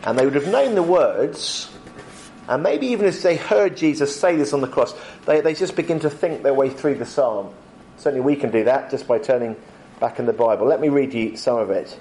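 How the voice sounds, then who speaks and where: A man's voice: mid-range voice, animated, mellow, slight background noise. Man giving a lunchtime Bible talk. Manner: conversational, frequent ums, slows for emphasis. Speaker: preacher.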